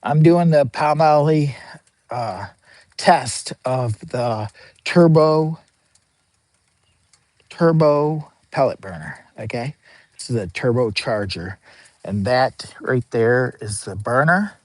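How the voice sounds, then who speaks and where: A man's voice: medium pitch, expressive, takes it slowly, long pauses, darkish tone, no echo. A man talking casually in a rambling, goofy, slangy product review vlog, outdoors at camp. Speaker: vlogger. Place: camping outdoors.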